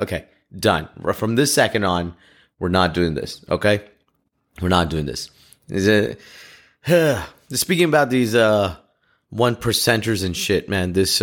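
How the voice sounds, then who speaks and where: Low-voiced man ranting loosely on camera, halting, restarting, self-mocking. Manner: rambling, halting, frequent restarts, laughs at himself. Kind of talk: casual rambling monologue.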